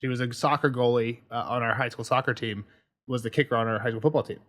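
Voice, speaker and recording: A man's voice: mid-range voice, fairly even intonation, fast talker, a bit bright. A man co-hosting a casual book podcast, rambling and correcting himself as he argues a point. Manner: rambling, self-correcting, playing devil's advocate. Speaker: podcast co-host.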